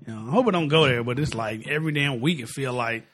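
A man's voice: mid-range voice, fast talker, a bit bright, a little hiss or hum. A man co-hosting a casual sports talk podcast, with a slight lisp and a laid-back, slangy way of talking. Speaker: podcast co-host.

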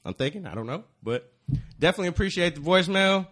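A man's voice: high voice, animated, fast, a bit bright. A man co-hosting a sports podcast, talking casually with stammered restarts. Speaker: podcast co-host.

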